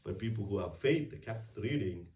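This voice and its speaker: An animated priest with a darkish, low-leaning voice delivers a conversational weekday homily in church at normal speed. His talk is peppered with restarts and rhetorical questions. The roomy sound comes from a mic placed at a distance.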